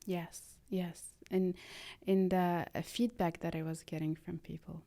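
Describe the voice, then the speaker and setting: A woman, speaking earnestly and haltingly as a podcast guest, slipping in phrases. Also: on the low side, little pitch movement, warm tone. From Lebanon. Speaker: guest, art therapy practitioner. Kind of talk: conversational podcast interview.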